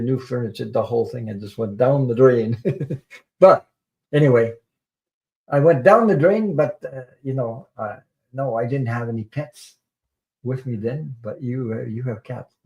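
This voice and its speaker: A man's voice: medium pitch, unhurried, a little mellow, dull audio. A man hosting a tarot live stream, telling a personal story in an earnest, rambling way and repeating words for emphasis.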